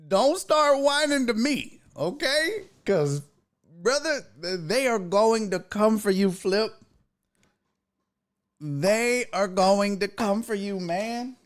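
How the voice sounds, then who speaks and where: A man hosting a casual sports livestream, bantering loudly and profanely with his chat. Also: high voice. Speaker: livestream sports talk host. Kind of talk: casual livestream chat reading viewer comments.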